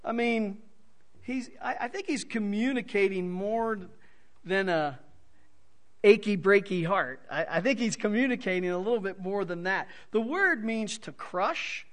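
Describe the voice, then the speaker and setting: A man preaching an expository sermon, swinging from soft to loud for emphasis. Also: high-pitched, lively intonation, unhurried. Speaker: pastor.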